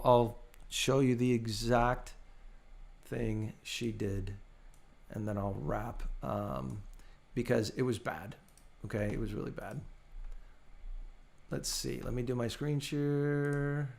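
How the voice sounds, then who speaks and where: A man's voice: mid-range voice, gravelly. A man running a casual live training class over a video call, telling stories and acting out the people in them. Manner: animated storytelling, acts out his clients' voices. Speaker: real estate trainer.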